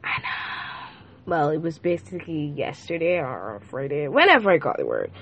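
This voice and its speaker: A young woman hosting a Christian podcast, moving between earnest prayer and loud sing-song chants, her voice worn from shouting. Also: low voice, big pitch swings, moderate pace, slightly rough, highs cut off. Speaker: podcast host.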